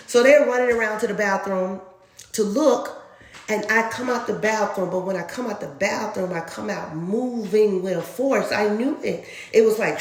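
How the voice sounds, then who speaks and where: Animated woman telling a testimony. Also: medium pitch, normal speed. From Dallas, Texas. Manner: animated, acts out sounds, laughs often. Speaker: storyteller sharing a faith testimony. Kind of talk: personal testimony storytelling. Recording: roomy echo.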